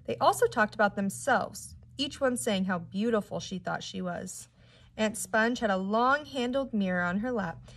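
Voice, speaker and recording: A woman teacher reading a children's book aloud with expressive, unhurried storytelling. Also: medium pitch. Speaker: third-grade teacher.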